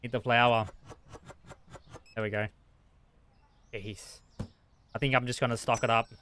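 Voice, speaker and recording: A young man streaming a shop game, talking fast and frazzled to his customers and himself. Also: medium pitch, little pitch movement, bright, forceful tone, a little hiss or hum. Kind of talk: live-streamed gameplay commentary.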